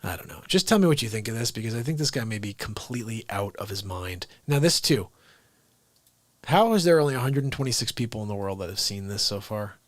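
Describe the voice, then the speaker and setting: A man's voice: on the low side, lively intonation, quick pace, no room sound. A man hosting his daily live stream, ranting casually and talking straight to his viewers. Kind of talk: unscripted live-stream chat.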